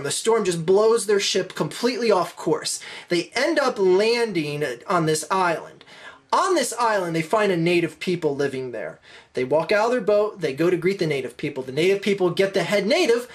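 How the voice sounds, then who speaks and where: A woman telling a long comedic joke, animated, her voice swinging high and low. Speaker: joke teller.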